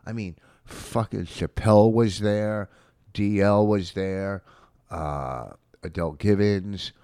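A man's voice: on the low side, slow, mellow, clean tone, no echo, clean studio sound. A man hosting a casual podcast, rambling through profane stories with lots of filler. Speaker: podcast host, comedian.

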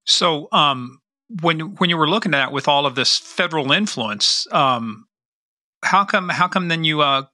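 A man's voice: a little high, animated, unhurried, pushed and bright, no echo. A man hosting a podcast, asking eager, chatty questions with many stumbling restarts. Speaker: podcast host. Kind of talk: casual interview.

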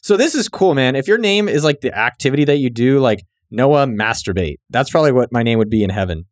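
A young man runs through listener shout-outs with a playful, joking edge, his pitch leaping around as he riffs. The sound is dry and close, with no room around it. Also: lively intonation, no echo. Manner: joking, riffing, quick asides. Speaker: podcast host.

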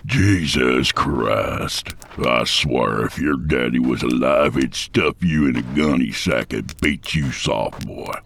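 Guy doing a creepy old hillbilly bad guy, super deep gravelly growl, slow and cold. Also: a bit bright, a little hiss or hum, heavily acted. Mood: menacing. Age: older. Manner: slow, drawling menace with evil laughs. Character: menacing old male hillbilly villain, cold and sneering.

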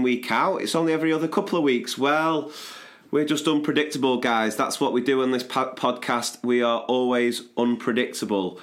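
A man, hosting a podcast in casual chat, chirpy and jokey, sometimes dropping low and soft while recounting. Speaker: podcast host.

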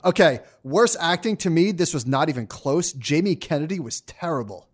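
A podcast co-host trades quick, relaxed remarks in casual banter. His voice sits a little higher than most men's. He sounds easygoing throughout. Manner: quick reactions, laid-back banter. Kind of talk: casual chat.

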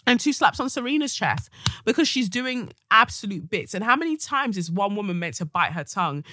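A woman hosting a solo podcast, blunt, outspoken and sweary, with sudden loud bursts of emphasis. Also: medium pitch, animated, moderate pace, no room sound, studio quality. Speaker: podcast host. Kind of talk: casual solo podcast monologue.

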